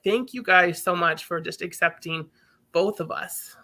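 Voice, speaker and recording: A woman's voice: lowish voice, measured pace, bright, forceful tone. A woman guest on a live chat, speaking sincerely and gratefully as a mom, in casual wording. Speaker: guest parent. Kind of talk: heartfelt live-stream chat.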